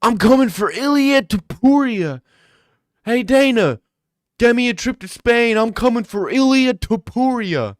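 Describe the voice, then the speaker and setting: A man's voice: very high voice, lively intonation, unhurried, no echo, studio quality, pitched above the performer's own voice. A man putting on the voice of a cocky young male fighter calling out a rival, brash and swaggering.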